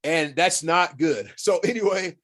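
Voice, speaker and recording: A man telling hunting and fishing stories as a podcast guest in casual, animated talk, swearing freely and acting out what people said. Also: fairly high pitch, unhurried. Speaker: podcast guest, former pro football player. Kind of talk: casual storytelling.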